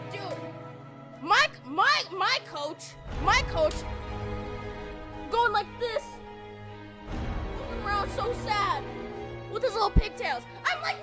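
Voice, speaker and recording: A woman's voice: very high voice, expressive, unhurried, loud music behind the voice. A young woman streamer recapping a game to her chat, telling the story with mock outrage, laughter and swearing.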